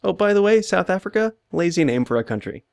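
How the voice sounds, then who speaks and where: A man's voice: sits high, sing-song, fast talker, creaky. A man interviewing a guest in casual chat, dropping dry, joking asides.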